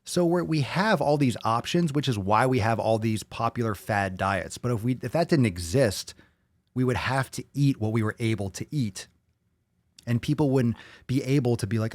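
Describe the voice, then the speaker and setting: A man's voice: mid-range voice, animated, moderate pace, dry recording, studio quality. A man hosting a podcast, reading viewer comments aloud and reacting to them bluntly, with a lot of swearing. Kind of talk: casual chat.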